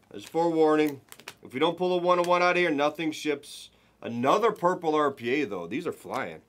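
A man hosting a live card break, giving excited running commentary as he opens packs and chats with viewers. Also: a little high, a little hiss or hum.

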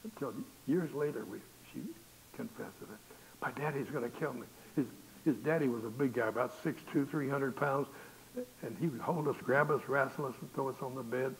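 A man's voice: mid-range voice, brisk, rough recording. An older male pastor, telling a folksy storytelling sermon and acting out the voices in his tales. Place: church. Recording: hissy recording with faint noise.

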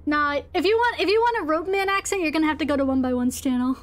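A woman's voice: high voice, expressive, quick pace. A woman streamer chatting playfully with her viewers while playing a horror game. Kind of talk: casual gaming chat.

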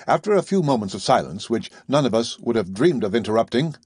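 A male narrator reads a classic novel in a steady, even audiobook style. His voice is somewhat husky at a middle pitch. The recording is dry and close, with no room sound. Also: a little fast, no room sound.

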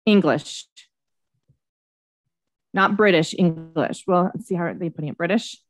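Slow-talking woman thinking aloud. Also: fairly low pitch. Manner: unhurried, thinks aloud while guessing. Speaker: co-host. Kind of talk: casual chat.

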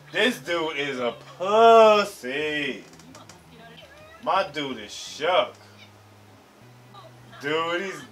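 A man hosting an anime reaction video, talking in an excitable, slangy way and swearing freely. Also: a little high. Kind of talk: casual reaction commentary. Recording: slightly distant mic, faint show audio.

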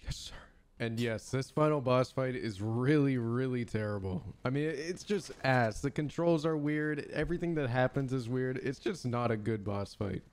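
A young man doing excitable let's-play commentary, yelling at the game and swearing casually between stretches of voice-over. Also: medium pitch, normal speed. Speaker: gaming YouTuber.

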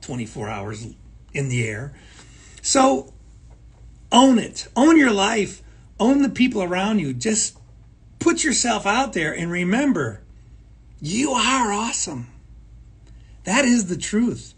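A man's voice: sits high, very animated, takes it slowly, long pauses, slightly rough. A man co-hosting a show, giving emphatic motivational talk and repeating his points. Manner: emphatic, repeats phrases, acts out quoted people. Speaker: co-host. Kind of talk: motivational chat.

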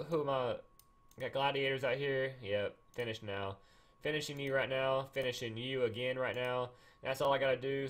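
A man giving casual, excitable gameplay commentary, repeating himself and acting mock-angry. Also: mid-range voice. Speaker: gaming YouTuber.

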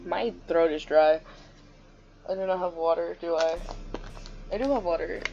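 A woman's voice: fairly low pitch, moderate pace, vocal fry. A young woman giving offhand, casual commentary while playing a video game and reading its text aloud. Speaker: let's play gamer. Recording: slightly muffled with faint game music.

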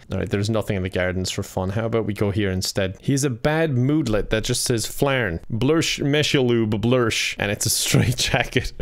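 A man with an Irish accent giving casual, sarcastic gameplay commentary, laughing often and jumping into high exclamations. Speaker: gaming YouTuber.

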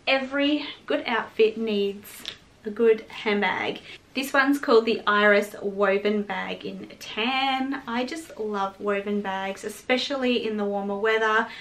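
A woman's voice: mid-range voice, a bit bright. Bubbly chatty woman vlogger. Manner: bubbly, chatty, coos baby talk to her dog. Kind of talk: casual vlog chat.

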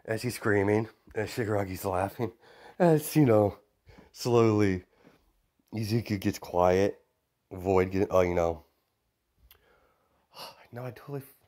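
A man's voice: lowish voice, a little slow, long pauses, darkish tone. A man casually retelling a fan story, rambling with many fillers and restarts.

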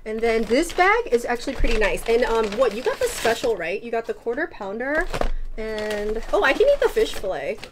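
A young woman hosting a casual food vlog, chatty and excitable, breaking off and restarting her sentences. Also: fairly high pitch, fairly quick, noisy background. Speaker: vlogger host. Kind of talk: casual mukbang vlog chat.

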